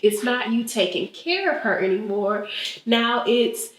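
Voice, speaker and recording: A lively woman in her thirties from Texas tells stories with lots of laughter in a fairly high voice. She is at home, and the room gives a roomy echo. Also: a little slow. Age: 30s. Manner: animated, laughing storytelling. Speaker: vlogger host. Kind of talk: casual storytelling chat. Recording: echoey room.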